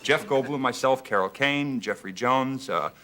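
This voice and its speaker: A man on a studio talk show with a bright, forceful voice at an ordinary pitch. He spins animated, rambling anecdotes, stacking fillers and restarts as he goes. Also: moderate pace. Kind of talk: casual anecdote telling. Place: television studio.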